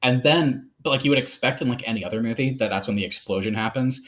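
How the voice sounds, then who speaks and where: A man's voice: mid-range voice, fast, a bit bright. A man co-hosting a movie podcast, rambling casually with lots of fillers and laughter. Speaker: podcast co-host. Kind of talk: casual film discussion.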